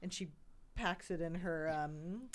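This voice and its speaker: A woman playing a tabletop role-playing game, narrating her character's actions in an animated, laughing way. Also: fairly low pitch, unhurried. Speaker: player.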